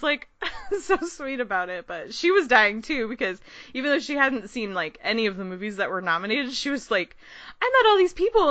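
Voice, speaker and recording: A woman co-hosting a podcast, telling a long, excited story in casual chat, rambling and laughing often. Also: medium pitch, no room sound. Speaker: podcast co-host.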